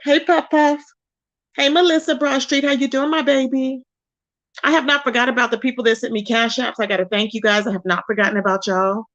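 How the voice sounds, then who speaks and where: High-voiced, animated woman livestreamer. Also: fairly quick, muffled recording. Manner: animated, greets viewers by name and calls them baby; exclaims in disbelief, repeats phrases for emphasis. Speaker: livestream host. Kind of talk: casual livestream commentary, reading chat.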